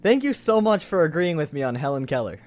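A man in a casual podcast chat, delivering dry, deadpan jokes. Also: on the high side, quick pace.

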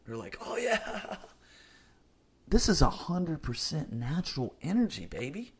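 A man hosting a solo podcast, talking through his pet peeves with high energy, jumping between loud emphatic bursts and quiet asides. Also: big pitch swings, a little slow, husky. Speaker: podcast host.

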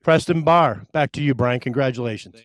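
A man's voice: mid-range voice, a little fast, no echo, muffled recording. A man interviewing a drafted player in a joking, chummy way. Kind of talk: casual interview.

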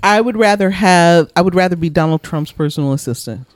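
A woman co-hosting a casual podcast, loud and profane, laughing often. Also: lowish voice, fairly quick. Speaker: podcast co-host. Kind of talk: casual chat.

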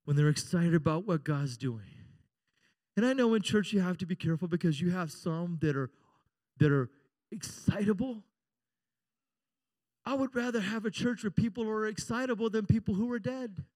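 A male pastor preaching with playful, animated energy, breaking into shouted exclamations. His voice sits high for a man and bounces with excitement. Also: moderate pace, pauses often. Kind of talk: sermon.

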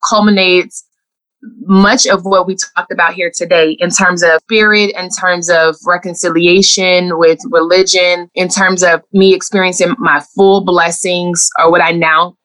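A woman's voice: on the low side, little pitch movement, a little slow, fairly bright tone, low-quality recording. Earnest, emotional woman guest. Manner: earnest, heartfelt, repeats phrases. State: emotional, near tears. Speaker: guest therapist. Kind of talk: reflective interview talk.

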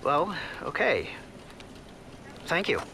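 Woman voicing male caller, exasperated, complaining, lively pitch, bright. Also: very slow, full character voice. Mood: worried. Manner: frustrated, complaining.

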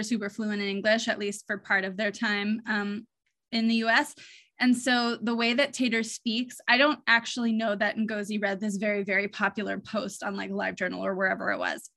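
A woman's voice: mid-range voice, fairly bright tone. A woman co-hosting a podcast in casual discussion, chatty and prone to tangents, laughing at herself. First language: bilingual, speaks another language. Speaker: podcast co-host.

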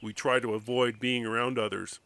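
A man voicing a gruff, guarded backwoods father who speaks tersely. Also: mid-range voice, steady tone, moderate pace, bright, forceful tone, dry recording, voice pushed down.

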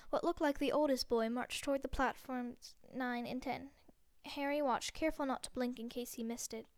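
High, smooth-voiced woman reading a novel aloud. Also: normal speed, no echo. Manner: steady, with frequent slips and restarts. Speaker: reader.

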